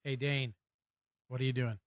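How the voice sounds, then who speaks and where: A man's voice: medium pitch, steady tone, normal speed, no room sound, studio quality. Joking, foul-mouthed podcast man. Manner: joking, swears freely. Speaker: podcast co-host. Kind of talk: casual beer-tasting chat.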